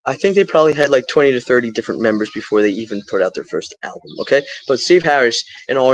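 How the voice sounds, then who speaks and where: A man's voice: medium pitch, animated, fast talker, hardly any pauses, muffled recording. A middle-aged man talking to his live stream in a rambling, stream-of-consciousness way, drifting into spiritual asides.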